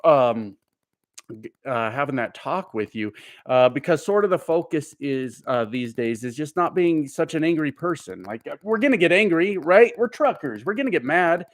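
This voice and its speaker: A man's voice: fairly high pitch, animated, moderate pace, dry recording. A man who drives trucks, chatting casually on a live stream from home, rambling with lots of fillers as he answers viewer comments.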